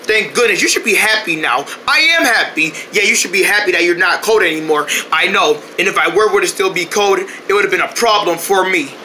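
A man's voice: high-pitched, noisy background. A man doing homemade cartoon voice acting, switching between exaggerated character voices and yelping. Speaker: cartoon voice actor.

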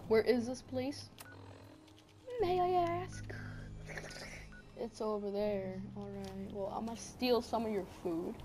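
A woman's voice: medium pitch, fairly even intonation, normal speed, hardly any pauses, noisy background. A woman hosting casual gameplay commentary, goofy, talking to the game and making up silly songs. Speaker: gaming channel host.

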